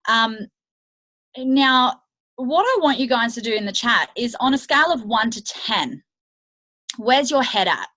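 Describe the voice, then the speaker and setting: Slow, bright-voiced woman coaching candidly. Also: fairly high pitch, expressive, poor audio. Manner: candid, chatty, full of fillers. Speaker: network marketing coach. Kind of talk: motivational team training call.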